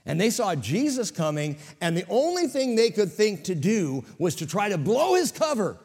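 Animated pastor preaching in a reverberant church. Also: male voice, high voice, normal speed, breathy edge. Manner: animated preaching with dramatic swings in volume. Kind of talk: sermon. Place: church, before a congregation.

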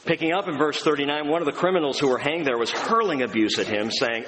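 A man's voice: animated, quick pace, hardly any pauses. Man preaching with hall reverb. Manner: swings between emphatic raised delivery and hushed low tones; conversational and direct with the audience. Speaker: pastor. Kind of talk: sermon. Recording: long hall reverb, faint background noise.

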